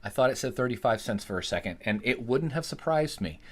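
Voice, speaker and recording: A man's voice: mid-range voice, expressive, fairly quick. A man hosting a live stream, rambling casually, swearing freely and answering his chat. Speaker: livestream host.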